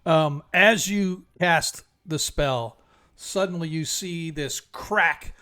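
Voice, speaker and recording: A man narrating a tabletop game as game master, describing scenes in slow, measured steps with a few fillers. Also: fairly high pitch, bright, forceful tone, smooth.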